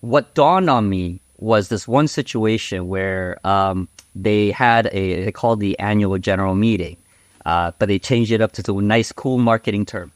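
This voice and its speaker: Man, fairly low voice, casual storytelling, chatty, frank, lots of fillers, dry close sound. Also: normal speed, dry recording. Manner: chatty, rambling with fillers and tag questions; frank, outspoken. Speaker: podcast guest.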